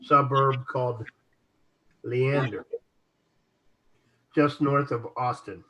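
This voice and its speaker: A man co-hosts an internet radio show, slowly reading articles aloud in a medium-pitched voice and sometimes stumbling over words. The audio is dull and lo-fi, with steady noise throughout.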